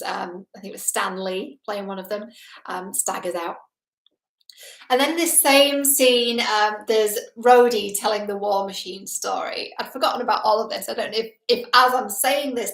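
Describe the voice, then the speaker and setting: A woman's voice: medium pitch, fairly bright tone, echoey room, low-quality recording. A woman hosting a casual film analysis video, chatting with enthusiasm.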